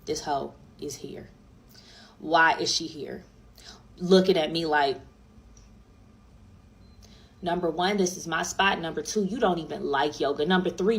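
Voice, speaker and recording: A young woman telling a storytime monologue, exasperated and profane, dropping to mutters and rising to shouts, repeating lines for emphasis. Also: fairly low pitch, rough recording.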